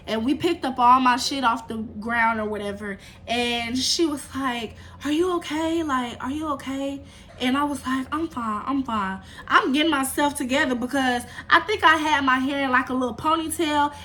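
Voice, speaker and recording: Woman, casual storytime, animated, profane, sound effects, high pitch. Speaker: storyteller vlogger.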